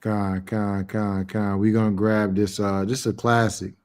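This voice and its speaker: Low-voiced man reading verses slowly. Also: smooth. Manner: calm, slow and deliberate when reading verses. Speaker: co-host of a scripture show. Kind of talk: casual religious discussion.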